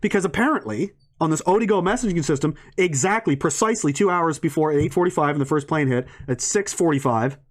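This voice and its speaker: A man's voice: fairly high pitch, fast, hardly any pauses. A man in a ranting monologue to an audience, swearing often, rambling and breaking into laughs mid-sentence.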